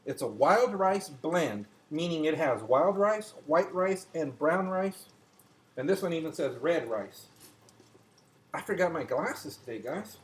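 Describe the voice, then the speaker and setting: With a fairly high pitch, a chatty older man leads a casual home cooking demonstration from his kitchen, talking viewers through the process as he cooks. The audio quality is poor.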